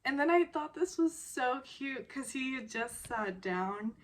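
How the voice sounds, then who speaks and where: A woman's voice: high-pitched, lively intonation, a little slow. A woman casually recapping a television drama episode, rambling with many fillers and often breaking into laughter.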